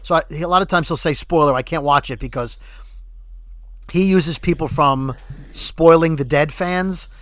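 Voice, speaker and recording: A man's voice: on the high side, moderate pace, fairly bright tone, no echo. A man co-hosting a casual fan podcast, rambling and joking as he talks. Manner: rambling, joking, self-correcting. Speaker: podcast co-host. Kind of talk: casual fan-show chat.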